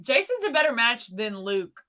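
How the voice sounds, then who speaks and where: A woman's voice: on the high side, sing-song, sharp tone. A woman guest in a gossip chat, blunt and teasing, often cutting in. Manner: blunt, teasing, quick to interject.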